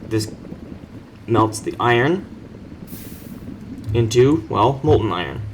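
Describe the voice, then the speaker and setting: A man's voice: mid-range voice, expressive, takes it slowly, slight background noise. A young man casually walking through his game base, rambling, correcting himself and making dry offhand jokes. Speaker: player giving a base tour. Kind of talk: casual game walkthrough commentary.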